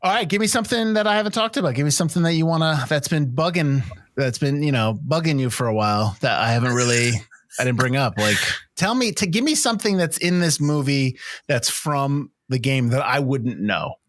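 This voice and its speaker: A man's voice: medium pitch, animated, brisk, a bit bright, no room sound, studio quality. A man co-hosting a casual film podcast, asking his guests long, rambling questions full of restarts. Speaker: podcast co-host.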